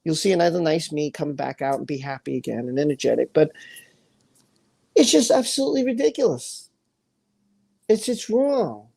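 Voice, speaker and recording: Man, livestream host, angry rant, warm dark tone, emphatic, repeats words. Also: a little high, lively intonation, moderate pace, creaky, pauses often. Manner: emphatic and repetitive, stumbles over words.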